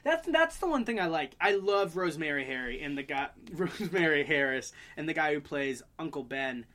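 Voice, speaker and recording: A woman talks through a movie with friends in loose, animated chat. Her voice sits bright and forward, swinging widely in pitch as she acts out lines from scenes. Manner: animated, acts out characters in quick impressions, laughs often. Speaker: podcast co-host. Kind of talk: casual movie recap chat.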